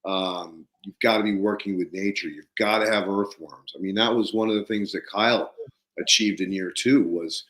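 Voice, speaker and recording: A man's voice: low voice, normal speed, fairly bright tone, echoey room. A man hosting a podcast, telling a farming story with energy and acting out both sides of the conversation. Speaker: podcast host.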